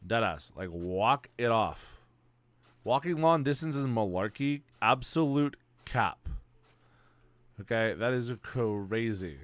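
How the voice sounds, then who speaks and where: A young man streaming, chatting casually in a rambling, slang-heavy, excitable way. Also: medium pitch, slow, no room sound. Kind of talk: casual chat.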